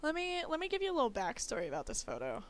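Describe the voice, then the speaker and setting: A woman's voice: high-pitched, huge pitch swings, rapid-fire. A woman streamer chatting casually and laughing a lot while she draws live. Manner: giggly, chatty, self-teasing.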